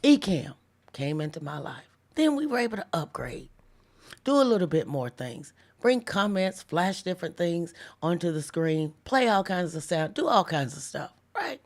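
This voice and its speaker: A woman hosting a live devotional stream, talking casually with viewers and slowing down to stress key lines. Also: on the low side, big pitch swings. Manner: chatty, reads viewer comments aloud, slows down for emphatic lines. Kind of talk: casual livestream devotional preaching.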